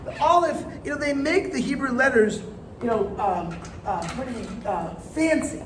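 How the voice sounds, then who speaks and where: A man's voice: very high-pitched, expressive, normal speed. A man, a rabbi, teaching a live classroom lesson in a chatty, playful way and coaxing his students to answer. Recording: echoey room with faint ambient noise.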